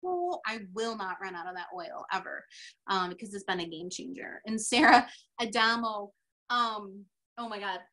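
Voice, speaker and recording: A teary-eyed woman sharing heartfelt personal experience on a video call, pleading and pausing with frequent ums. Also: medium pitch, animated, bright, forceful tone. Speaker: team member presenting convention notes.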